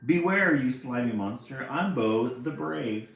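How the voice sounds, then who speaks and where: A man voicing a brave, boastful little girl adventurer, declaring loudly. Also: on the low side, big pitch swings, moderate pace. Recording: very echoey room, faint music.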